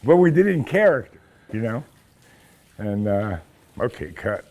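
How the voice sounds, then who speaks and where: An older man, an actor, telling animated, profane anecdotes in an interview and acting out the quotes. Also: fairly low pitch, unhurried.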